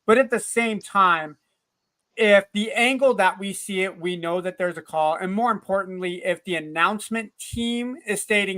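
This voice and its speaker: Animated high-voiced man chatting sports. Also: moderate pace. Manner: animated, talks over others, swears. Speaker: podcast host. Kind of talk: casual sports chat.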